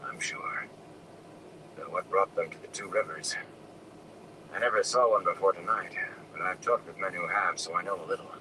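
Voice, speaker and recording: A man voicing a wounded, gruff older farmer who speaks in low, weary, hushed tones. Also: brisk, natural voice. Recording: distant mic with air conditioning noise.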